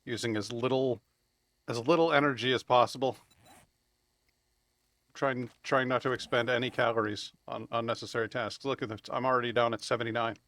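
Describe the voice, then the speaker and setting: A man streaming a video game live, chatting casually and rambling as he plays, swearing freely and laughing loudly at chat. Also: mid-range voice, fairly even intonation, brisk, no room sound. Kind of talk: live gameplay commentary.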